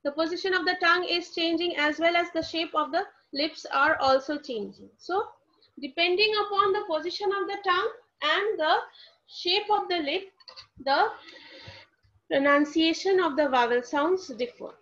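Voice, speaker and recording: A woman's voice: extremely high pitch, moderate pace, a bit bright. A woman teaching a lecture to students, posing questions and answering them herself, and spelling words out letter by letter. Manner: explanatory, asks and answers her own questions. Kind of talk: lecture explaining phonetics to students. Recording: dull lo-fi recording.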